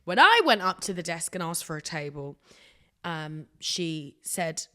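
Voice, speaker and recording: A woman's voice: on the low side, measured pace. Rambling woman podcast host. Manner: rambling, animated, self-mocking storytelling with sudden whispers. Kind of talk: casual solo podcast chat.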